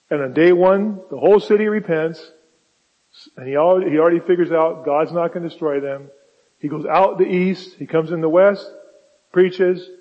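Male preacher, fairly high voice, relaxed storytelling sermon, recorded dull in a reverberant hall. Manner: conversational, storytelling, voices God and Jonah in quotes.

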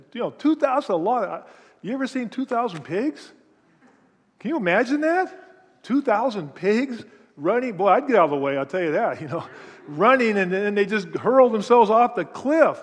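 A man delivers a sermon in a church sanctuary, retelling scripture with lively, animated storytelling and frequent restarts. His voice sits a little high for a man. A long hall reverb trails his words. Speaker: preacher.

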